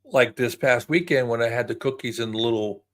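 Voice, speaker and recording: A man's voice: mid-range voice, a little fast, a bit bright. A man in his early sixties talking to camera in a casual, rambling, reflective way, often repeating words. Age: 60s. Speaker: vlogger.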